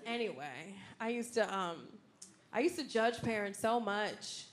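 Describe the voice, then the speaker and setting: A woman's voice: medium pitch, lively intonation, a little slow. A woman doing stand-up, a mother joking in a sassy, profane, conversational way. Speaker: stand-up comedian. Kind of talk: stand-up routine. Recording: loud background noise.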